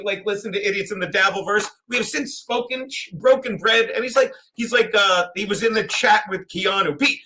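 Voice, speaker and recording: Loud crude fifties man, high bright voice. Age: 50s. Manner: crude, rambling, loud storytelling. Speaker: stream host. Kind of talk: casual sports watchalong chat.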